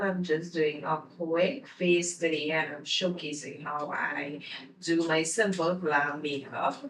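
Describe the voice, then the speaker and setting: A woman vlogger talking through her makeup routine in a relaxed, chatty, step-by-step way, her eyes teary. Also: low voice, roomy sound, recorded from a distance, poor audio. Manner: slow, chatty step-by-step instructions. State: teary-eyed. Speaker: beauty vlogger. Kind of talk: casual makeup tutorial talk.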